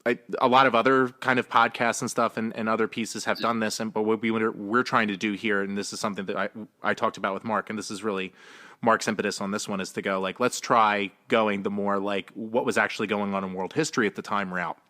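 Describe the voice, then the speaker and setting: A man's voice: fairly low pitch, level tone, fairly quick, pushed and bright. A man in his thirties co-hosting a podcast, chatting casually and cracking playful jokes. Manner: joking, playful asides. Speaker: podcast co-host. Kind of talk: casual chat.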